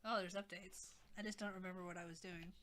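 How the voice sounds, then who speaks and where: Chatty woman streamer with a bright voice. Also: lowish voice, quick pace, slight background noise. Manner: chatty, excitable, thinks out loud. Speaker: game streamer. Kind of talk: casual live-stream chat.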